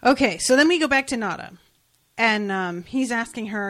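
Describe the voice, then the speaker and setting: A woman's voice: on the high side, lively intonation, normal speed, fairly bright tone. A woman co-hosting a casual podcast, retelling a comic story and quoting its characters, often laughing. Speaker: podcast co-host. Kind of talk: casual chat recapping a comic.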